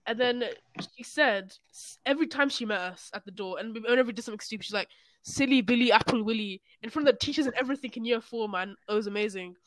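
A young man, co-hosting a casual podcast chat, animated and sweary as he tells stories. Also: sits high, quick pace, hardly any pauses, dry recording. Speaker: podcast co-host.

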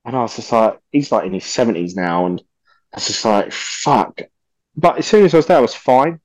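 A man, a podcast guest telling stories in a lively, swearing way and acting out the voices of people he quotes. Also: mid-range voice, fairly quick, dry recording. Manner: animated, swears often, acts out quoted voices. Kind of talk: casual storytelling interview.

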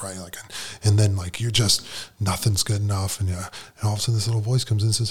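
Candid, animated man telling his story. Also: on the low side, quick pace, husky. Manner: animated, candid, acts out dialogue. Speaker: podcast guest. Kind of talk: casual storytelling conversation.

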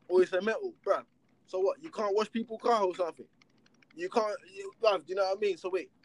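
Animated man with slang. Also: high-pitched. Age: adult with children. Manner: animated, rhetorical, heavy street slang. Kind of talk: casual chat.

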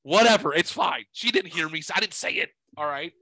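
A man hosting a podcast, telling a story in a casual, profane, animated way and acting out what others said. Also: a little high, fairly quick, no room sound. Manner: profane, animated, quotes people in voices. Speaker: podcast host.

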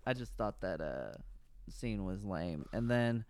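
A man's voice: fairly low pitch, expressive, a little slow, a little mellow, clean tone, dry recording. Young male podcast co-host, resonant clean voice, dry close sound, loose profane rants about films. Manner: profane, rambling, enthusiastic. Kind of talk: casual movie review chat.

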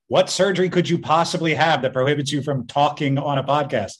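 A man's voice: on the high side, steady tone, a little fast, hardly any pauses, husky. A man co-hosting a podcast, chatting in an easygoing way and laughing often. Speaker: podcast co-host. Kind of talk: casual chat.

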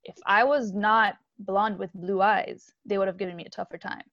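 A woman's voice: mid-range voice, moderate pace, no echo. A woman from Haiti, a musician guest, talking candidly and animatedly in a casual interview over a video call. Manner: candid and animated, with frequent fillers and laughs. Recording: dull lo-fi video call audio.

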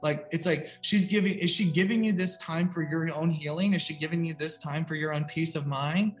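A man's voice: on the high side, steady tone, brisk, faint music behind. A young man working as a psychic medium, giving a casual, rambling reading full of "like" and fillers. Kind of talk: casual spoken reading on a video call.

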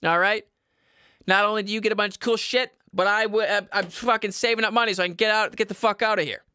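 A man hosting a comedy podcast, ranting in a loud, high-energy, profane and sarcastic way, with self-mockery. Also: fairly even intonation, quick pace, smooth, no room sound, studio quality.

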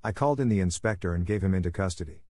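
A man reading a classic detective story aloud in the first person, with a measured, dramatic delivery and emphatic outbursts. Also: low voice, lively intonation, mellow, no room sound. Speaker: audiobook narrator. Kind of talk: scripted first-person narration.

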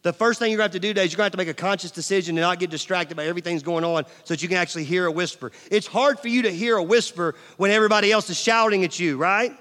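A middle-aged male pastor preaching a sermon, swinging from loud emphasis to near-whispers and asking the audience questions. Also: high voice, racing, few pauses. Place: large church hall. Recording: long church hall reverb.

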